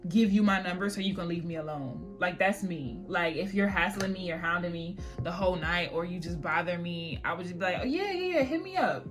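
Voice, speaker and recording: A woman's voice: on the low side, steady tone, fairly quick, few pauses, music in the background. A young adult woman vlogging while doing her hair at home, telling a story in a chatty, slangy, exasperated way. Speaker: beauty vlogger. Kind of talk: get-ready-with-me storytime.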